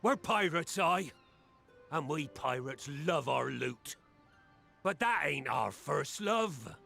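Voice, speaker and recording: An actor playing a grizzled old pirate captain in a game cutscene, speaking in a gravelly, rolling pirate manner with booming declarations. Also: male voice, lively intonation, takes it slowly, sharp tone, soft background music, full character voice. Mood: rousing.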